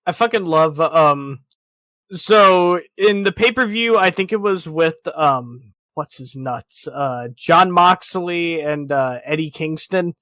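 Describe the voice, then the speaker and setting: High-voiced, hesitant swearing man. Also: lively intonation, slow, bright, forceful tone, dry recording. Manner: profane, hesitant, with many fillers. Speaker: podcast co-host. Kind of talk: casual chat.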